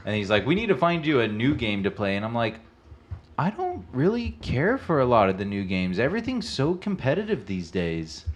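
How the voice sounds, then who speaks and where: A man's voice: mid-range voice, wildly swooping pitch, moderate pace. A man co-hosting a casual podcast chat, joking and bantering with friends. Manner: jokey, playful banter. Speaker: podcast co-host.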